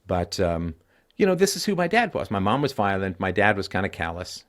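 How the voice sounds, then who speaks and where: Hosting a call-in program, this middle-aged man shares his own stories with blunt, profane candor. He swings from a weary, low register to a loud, emphatic one, speaking fairly quickly and with great animation.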